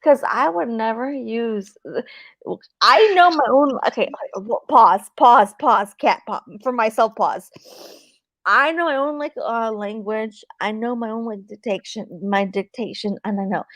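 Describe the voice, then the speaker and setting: Female livestream host, medium; emphatic and profane, higher voice, dry close sound. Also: a little slow, a bit bright, dry recording. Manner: emphatic, swears freely, repeats herself. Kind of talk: casual livestream chat.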